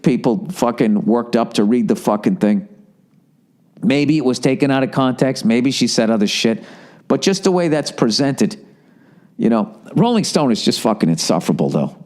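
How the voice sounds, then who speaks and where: A man's voice: medium pitch, darkish tone. A middle-aged man with a Boston accent, hosting a podcast and ranting profanely while mocking others in silly voices. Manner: swears constantly, mocking put-on voices. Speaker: podcast host. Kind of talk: profane comedic rant.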